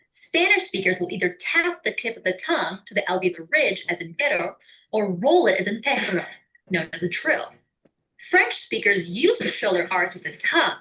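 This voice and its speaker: A woman with an American accent giving clear, scripted educational narration. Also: medium pitch, bright, forceful tone, poor audio. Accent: General American. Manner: clear, explanatory, with sung or acted example words.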